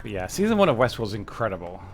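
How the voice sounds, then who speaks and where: This young adult streamer talks fast over faint music while gaming, his fairly low voice swinging widely in pitch. His chat is casual and wry, rambling and self-correcting, with sentences often restarted.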